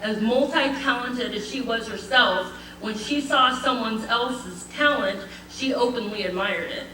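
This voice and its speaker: An older woman reading a prepared eulogy at a memorial gathering, heartfelt and measured, with light laughter. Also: fairly high pitch, pushed and bright, far from the mic, a little hiss or hum. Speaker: eulogy speaker. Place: memorial gathering in a community hall. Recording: echoey hall, voice from afar.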